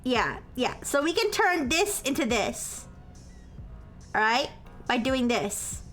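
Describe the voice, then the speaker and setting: High bright woman explaining math slowly. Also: very animated, faint music behind. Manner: explains step by step with frequent "okay?" and "all right?" checks; apologetic and flustered when corrected by chat. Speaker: streamer working through a math problem. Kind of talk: live-stream explaining math to chat.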